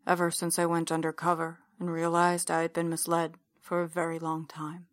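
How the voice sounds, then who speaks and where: A woman voicing a big older man, a brooding cult believer holding someone captive, in a low, quiet, confiding voice. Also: monotone, moderate pace, dry recording, studio quality, lightly acted.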